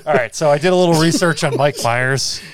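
A man's voice: fairly high pitch, fairly quick, a crowd in the background. A man co-hosting a podcast in casual chat, talking in a rambling way with lots of fillers. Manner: chatty, rambling, many fillers. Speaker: podcast co-host.

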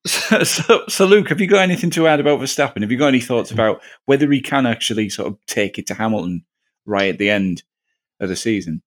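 A man hosts a relaxed sports podcast, cracking jokes and laughing at his own asides. He stumbles and restarts as he talks, and his pitch moves around a lot. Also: brisk. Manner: jokey, laughs often, stumbles over words. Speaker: podcast host. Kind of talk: casual chat.

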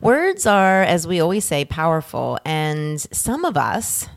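A woman's voice: low-pitched, sing-song, takes it slowly, gravelly. Woman, podcast co-host, from the Northeast, playful, casual chat. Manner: playful, laughs often, talks openly about cursing.

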